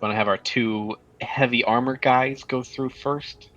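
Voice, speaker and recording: A man's voice: medium pitch, steady tone, a little slow, fairly bright tone, faint music behind. A man playing a tabletop role-playing game in casual chat. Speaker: player. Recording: dull lo-fi mic.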